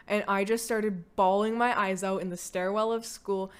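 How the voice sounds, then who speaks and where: A young woman talking through her own past in a relaxed podcast chat. Her voice is smooth and clear at a middle pitch. She speaks casually and bluntly, with plenty of "like" fillers and the odd curse word. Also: normal speed. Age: young adult. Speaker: podcast guest, host's daughter. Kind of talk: candid personal storytelling.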